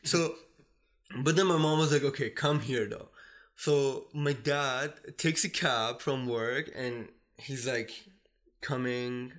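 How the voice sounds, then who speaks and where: A man's voice: mid-range voice, steady tone, slow, fairly bright tone. Rambling man telling a story, "like" every few words. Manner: rambling storyteller, says "like" constantly, acts out family voices. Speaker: podcast guest. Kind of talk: casual storytelling.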